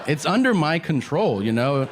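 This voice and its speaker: A man's voice: on the high side, very animated, normal speed, very noisy. A man doing a self-deprecating stand-up monologue on stage, slipping into quoted voices for the joke. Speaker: stand-up comedian. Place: comedy stage before an audience.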